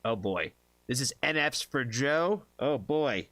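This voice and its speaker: A man hosting a live music reaction stream, chatting casually with viewers, excitable and swearing often. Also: medium pitch, a little slow, pauses often, no echo.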